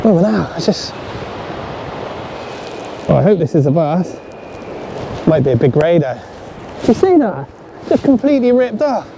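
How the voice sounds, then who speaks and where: A man casually chatting to his viewers while fishing on a sandy shore, talking straight to the camera and getting excited when a fish bites. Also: high voice, moderate pace, vocal fry, pauses often. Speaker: fishing vlogger. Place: outdoors on a sandy shore at low tide. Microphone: camera set up on the beach. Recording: outdoor recording with loud surf noise. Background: waves and surf.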